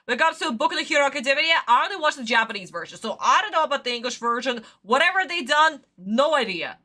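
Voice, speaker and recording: Streamer lady ranting and cussing, high bright voice bouncing all over. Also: expressive, fast talker. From Russia. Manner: exasperated, swearing, dramatic. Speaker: anime reaction streamer. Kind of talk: ranting livestream reaction.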